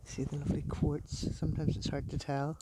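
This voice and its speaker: A woman narrating as she beachcombs outdoors, soft-spoken and given to delighted exclamations, sometimes dropping to a near whisper. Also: low voice, little pitch movement, brisk, heavy background noise. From Northern Ireland. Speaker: beachcombing vlogger. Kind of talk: casual narration while walking.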